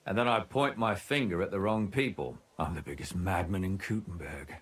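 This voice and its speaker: A man's voice: low voice, normal speed, natural voice. An actor playing a weary, bitter former scribe who calls himself a madman, in game voice acting. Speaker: video game character.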